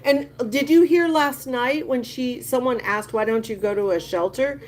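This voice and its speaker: Livestream host: woman, fairly high voice, gossipy and emphatic, chatting to viewers. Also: moderate pace, a little mellow. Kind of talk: casual livestream chat reading comments.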